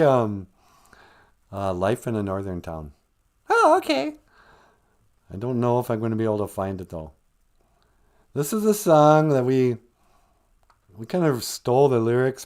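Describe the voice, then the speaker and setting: A laid-back man hosting his own comedy live stream, rambling casually between bits. His pitch moves freely and expressively as he talks. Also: a little mellow. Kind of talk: casual chat.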